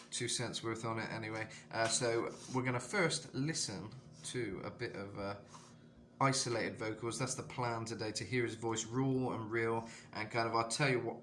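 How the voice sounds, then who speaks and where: A man with a slightly rough throat giving a casual, rambling singing tutorial as a vocal coach, full of "you know". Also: on the low side, fairly bright tone, slight background noise. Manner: rambling, lots of "you know", jumps into sung demos.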